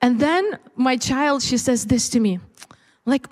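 A woman's voice: high voice, expressive, a little slow, in a large hall. A woman preacher and mother giving a candid, conversational testimony in a sermon, with many fillers and restarts. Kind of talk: personal testimony within a sermon. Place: church service.

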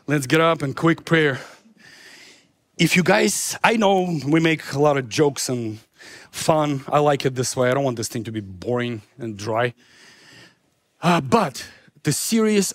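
Animated high-voiced preacher. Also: male voice, no room sound. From former Soviet Union. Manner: joking storytelling turning to earnest appeal; non-native grammar. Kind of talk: sermon.

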